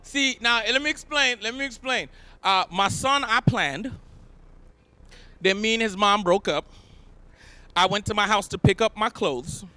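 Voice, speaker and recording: High, bright-voiced male stand-up comic. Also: a little slow, pauses often, no room sound. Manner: animated storytelling, shouting punchlines. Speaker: stand-up comedian. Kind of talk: stand-up comedy set. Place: live event stage.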